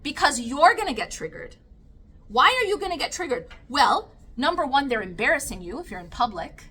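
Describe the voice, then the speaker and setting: A woman's voice: high voice, very animated, fairly quick, bright, forceful tone, husky. A woman giving a lecture to a live audience, often checking in with the room by asking them questions. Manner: engaging, asks the audience frequent questions.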